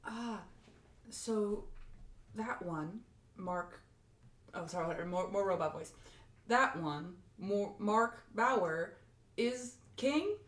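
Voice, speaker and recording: A woman voicing a naive, newly embodied robotic creature in a tabletop game, speaking quietly in broken grammar. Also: medium pitch, expressive, very slow, long pauses, echoey room. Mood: curious.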